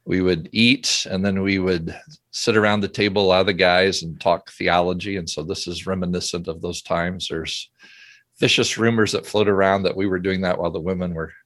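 A middle-aged man hosts a relaxed podcast conversation, leading it with a genial, chatty manner. His voice sits fairly low. He reads listener mail aloud between friendly asides. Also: moderate pace, no room sound. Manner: chatty, genial, often chuckling. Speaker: podcast host, seminary professor. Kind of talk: casual podcast chat.

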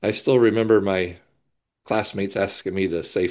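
A man from North Carolina who leads a seminary, chatting in a relaxed, matter-of-fact way. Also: low-pitched, normal speed. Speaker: seminary president, podcast co-host. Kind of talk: casual chat.

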